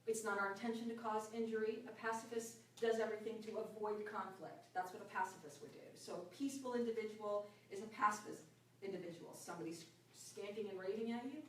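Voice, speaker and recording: Woman doing a heartfelt self-help talk, gets soft n quiet sometimes, really echoey room, faint background hum. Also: far from the mic. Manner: earnest, often drops to a soft, low voice. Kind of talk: reflective personal talk.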